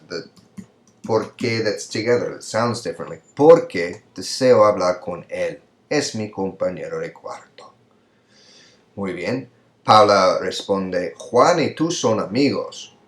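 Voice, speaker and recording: A man teaching a recorded Spanish lecture, walking through exercises patiently and often checking with "right?". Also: deep voice. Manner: patient, asks "right?" often, pauses for students. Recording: echoey room sound.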